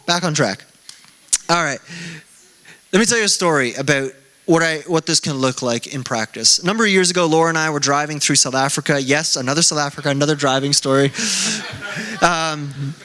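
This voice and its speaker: Young male pastor, bright, slightly high voice, self-mocking conversational sermon style. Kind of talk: sermon with casual storytelling.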